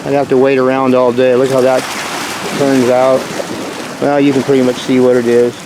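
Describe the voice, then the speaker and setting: Male vlogger, outdoor handheld narration on a shoreline, excitable rambling delivery, faint wind noise. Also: mid-range voice, normal speed. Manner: rambling, exclamatory, bursts into whoops. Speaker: vlogger exploring rock formations. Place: rocky shore outdoors at low tide.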